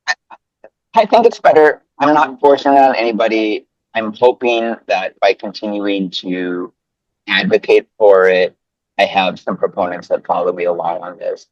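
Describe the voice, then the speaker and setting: A man with a New York accent speaking on a panel discussion in an animated way, often breaking off and restarting. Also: moderate pace, no echo, lo-fi sound. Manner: animated, self-interrupting, lively pitch swings. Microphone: webinar call.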